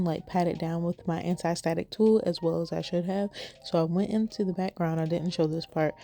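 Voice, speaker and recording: A woman's voice: on the low side, vocal fry, warm tone. A woman card-making crafter talking through her project in a chatty, rambling way with lots of fillers. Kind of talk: casual craft voice-over.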